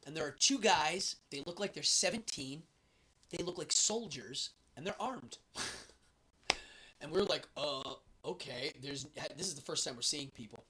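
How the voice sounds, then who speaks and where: A man's voice: a little high, lively intonation, a little slow, sharp tone, slight background noise. A man hosting a show, telling a travel story in a casual, rambling way with many fillers.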